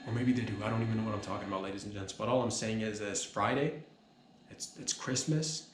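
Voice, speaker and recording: A man's voice: lowish voice, fast. A man hosting a comedy podcast, rambling in a mock-serious, slangy way. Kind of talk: rambling deadpan comedy monologue. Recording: roomy echo with faint noise.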